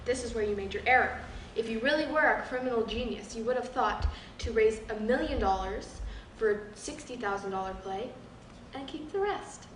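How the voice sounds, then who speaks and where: A woman acting as a timid, nervous young male accountant in a scene for an acting class, with prim speech that breaks into shrill hysterics. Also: moderate pace, natural voice. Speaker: acting student. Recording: echoey room, far mic, light noise.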